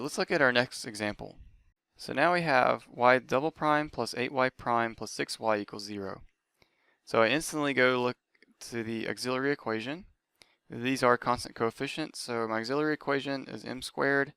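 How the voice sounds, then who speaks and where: Bright, clear-voiced man teaching math steps. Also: mid-range voice, no room sound. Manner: methodical, talks through each step aloud. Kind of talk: lecture.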